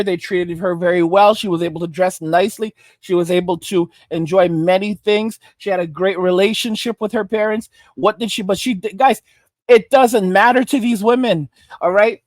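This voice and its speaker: A man's voice: high voice, no echo, clean studio sound. A man from Arizona giving blunt, emphatic reaction commentary that he keeps punctuating with "all right?". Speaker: online commentator.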